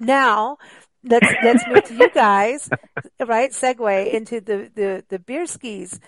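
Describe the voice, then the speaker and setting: Bubbly chatty woman, bright and dry. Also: on the high side, unhurried, dry recording. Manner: enthusiastic, chatty, exclaims often. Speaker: radio show host. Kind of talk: casual chat.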